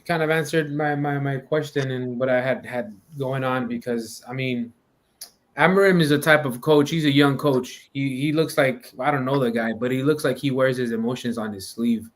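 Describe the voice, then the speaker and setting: An American man co-hosting a casual sports podcast, talking in a relaxed, agreeable way with some stammered restarts. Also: mid-range voice, moderate pace. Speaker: podcast co-host.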